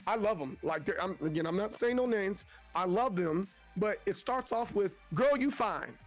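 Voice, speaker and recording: Guest streamer, male, high register, rambling delivery, from Tennessee. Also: normal speed, soft background music. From Tennessee, USA. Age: adult with children. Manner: rambling, frequent restarts, acts out quotes. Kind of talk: casual interview talk.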